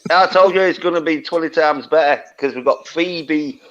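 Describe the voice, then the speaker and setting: A man's voice: fairly high pitch, moderate pace, a bit bright, highs cut off. A man co-hosting a casual livestream chat, rambling and hesitant, full of fillers.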